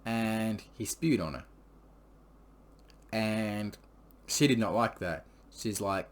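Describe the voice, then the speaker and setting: Crude rambling man, lowish voice. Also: takes it slowly, pauses often. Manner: crude, profane and rambling, with many fillers. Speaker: vlogger. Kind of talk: casual storytelling.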